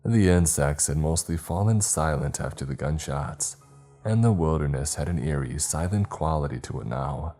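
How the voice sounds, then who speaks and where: A man narrating a first-person horror story in a steady, grave manner. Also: extremely low pitch.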